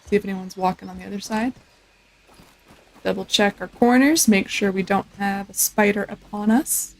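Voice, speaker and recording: A woman casually commentating her survival game playthrough, chatting to the creatures on screen and breaking into excited yelps. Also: mid-range voice, moderate pace, low-quality recording. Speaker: gameplay streamer. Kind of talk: casual let's-play commentary.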